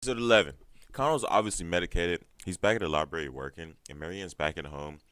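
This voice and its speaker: A man's voice: deep voice, fast, fairly bright tone, clean tone, dry recording, clean studio sound. A man casually recapping a TV series episode, profane and laughing often. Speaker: show recap vlogger.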